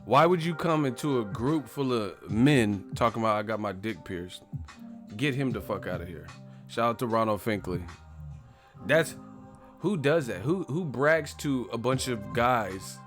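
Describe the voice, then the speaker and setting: A man in his thirties hosts a boxing live stream, reading viewer comments and reacting with loose, profane chatter, rambling and laughing as he goes. His mid-range voice has lively intonation and a measured pace, with soft music in the background.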